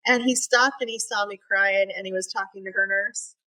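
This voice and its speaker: Woman, middle-aged, podcast guest, earnest, halting, fillers and restarts, mid pitch. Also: steady tone, bright, forceful tone, low-quality recording. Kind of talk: personal faith story in a podcast interview.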